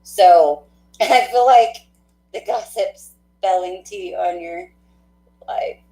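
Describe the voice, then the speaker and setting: A woman hosting a spiritual card-reading livestream, chatting warmly and laughing often, with a stuffy nose. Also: lowish voice, slow pace. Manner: affectionate, chatty, laughs often, many fillers. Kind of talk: casual livestream sign-off chat. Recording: echoey room.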